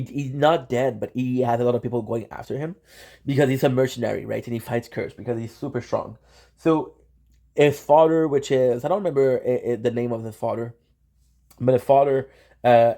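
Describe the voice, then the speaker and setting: A young man hosting his channel, excitedly recapping an anime in casual slang, with lots of restarts and swearing. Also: medium pitch, fairly quick. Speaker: channel host.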